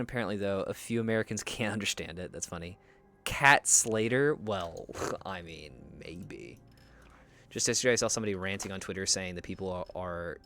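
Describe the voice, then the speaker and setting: A young man with a low voice talks casually while gaming, swearing freely and rambling from thought to thought. His intonation is lively and rises and falls a lot. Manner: rambling, profane, chatty. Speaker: streamer. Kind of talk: casual gameplay commentary.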